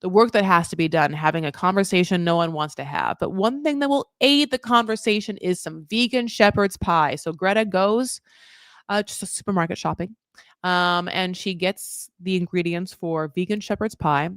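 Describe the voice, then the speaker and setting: A young woman recapping a reality show in casual, animated commentary, swearing freely and acting out what the people said. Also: on the low side, moderate pace, dry recording, clean studio sound. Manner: chatty, animated, swears, acts out quoted voices.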